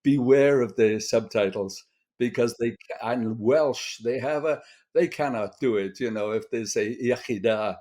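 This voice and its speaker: An older man talks in a mellow, low-lit tone. He wanders through his stories and circles back with frequent fillers, like a guest settling into a relaxed conversation. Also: measured pace. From Britain. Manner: rambling, with many fillers and restarts. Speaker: guest screenwriter. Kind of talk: casual storytelling interview.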